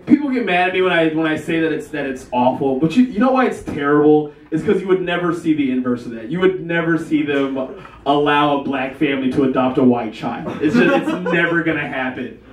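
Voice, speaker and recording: Here a young comedian's slightly high, expressive voice moves at a normal speed over light background noise. Performing live in a little café, he laughs at his own lines while running himself down. The distant mic picks up plenty of room echo.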